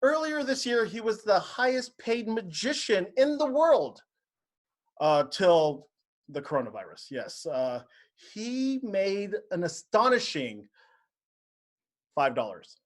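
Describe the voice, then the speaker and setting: A man's voice: high voice, sing-song, takes it slowly. A man hosting an online show, giving joking, rambling introductions over a video call. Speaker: host.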